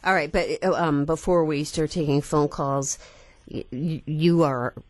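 A woman's voice: sits low, fairly even intonation, unhurried, no room sound. A woman radio host who prompts her guest, asks for stories and laughs along. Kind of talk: radio interview.

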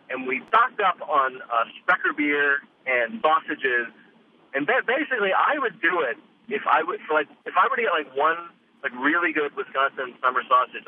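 Animated man on a tinny phone line. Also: slight background noise. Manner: lively and animated, jumping up in pitch. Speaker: radio quiz show host. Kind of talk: casual radio interview chat.

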